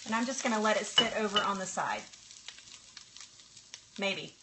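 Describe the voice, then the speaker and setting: A woman's voice: mid-range voice, lively intonation, normal speed, noisy background. A woman hosting a live cooking stream from her home kitchen, chatting with viewers and talking to the food as she cooks. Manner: chatty and bubbly, talks to food and thanks viewers warmly. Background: faint sizzling and stirring of cooking.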